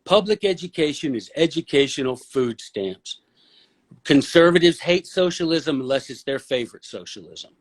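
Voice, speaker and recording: A man speaking as a podcast guest, blunt and opinionated, with a preachy, forceful way of making his point. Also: on the high side, animated, moderate pace. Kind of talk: casual podcast conversation.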